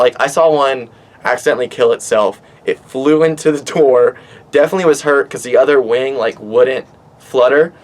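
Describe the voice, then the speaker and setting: A man vlogging from his back porch, telling a story in an animated, rambling way and swearing a lot. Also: medium pitch. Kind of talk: casual storytelling monologue. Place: outdoors on a back porch by water.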